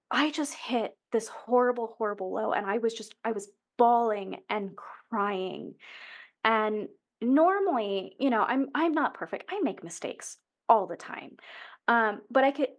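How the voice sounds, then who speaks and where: Woman in her thirties with a bright, higher voice, earnest and open as she shares a personal story as an interview guest. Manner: earnest, emotional, self-correcting restarts.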